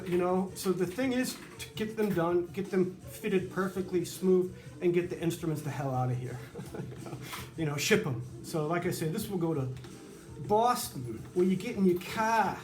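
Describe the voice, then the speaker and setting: Man, violin maker, rambling workshop tutorial, fairly high voice, echoey room, music playing clearly behind. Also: normal speed, darkish tone. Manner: rambling, chatty, many fillers and asides. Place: humid workshop near the beach.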